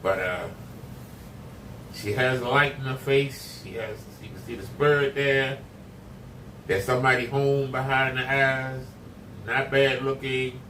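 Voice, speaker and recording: Brief: mid-pitched man, blunt running commentary, roomy far-off sound. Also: steady tone, a little slow, pushed and bright. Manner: blunt, opinionated, drawn out. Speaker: stream commentator. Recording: roomy, distant, faint noise.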